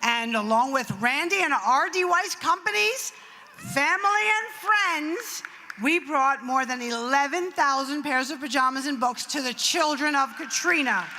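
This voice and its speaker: At an event hall, a middle-aged woman who founded a nonprofit gives a speech in a high, animated, pushed and bright voice at a measured pace. She tells a story with acted-out quotes and asides, recorded in a reverberant hall with faint noise.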